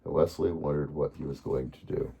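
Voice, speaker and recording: Very deep, gravelly man reading a bedtime story. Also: fairly even intonation, brisk, dark tone.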